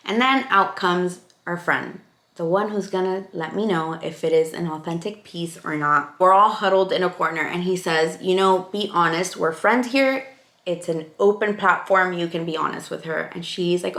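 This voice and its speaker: A woman telling a story in a casual vlog, animated, acting out the people she quotes. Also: fairly low pitch, moderate pace. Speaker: vlogger. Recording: echoey room.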